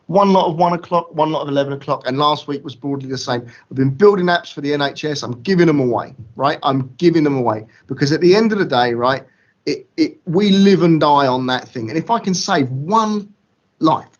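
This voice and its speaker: A man giving an impassioned motivational talk over a video call, emphatic and slangy, repeating words for effect. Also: a little high. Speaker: guest speaker. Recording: dull lo-fi call audio.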